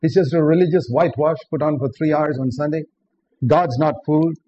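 A man's voice: on the high side, steady tone, brisk, dark tone. A man preaching a sermon, earnest and direct, often putting questions to the listeners. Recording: dull lo-fi recording with faint background noise.

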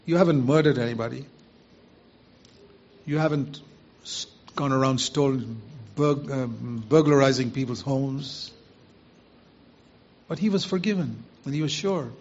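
A man's voice: mid-range voice, measured pace, pauses often, darkish tone. A man preaching a sermon, earnestly putting rhetorical questions to his listeners. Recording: muffled lo-fi recording.

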